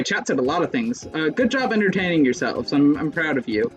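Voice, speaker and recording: Young male streamer, excitable and self-deprecating, slightly high voice, faint music under. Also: fast, few pauses. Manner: excitable, self-mocking, rambling reactions. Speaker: let's play streamer. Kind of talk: casual gameplay commentary.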